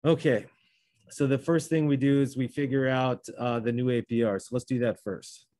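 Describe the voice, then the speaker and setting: A man's voice: medium pitch, fairly even intonation, normal speed, mellow, dry recording. A man teaching a math lesson, talking through each step and correcting himself as he goes. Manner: talks through steps, self-correcting. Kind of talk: classroom lesson.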